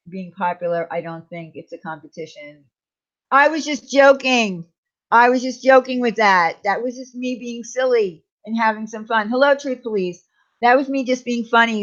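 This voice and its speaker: A woman hosting a casual live stream, chatting with viewers and reading their comments aloud. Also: mid-range voice. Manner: chatty, reassuring, talks to chat by name. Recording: slightly dull lo-fi stream audio.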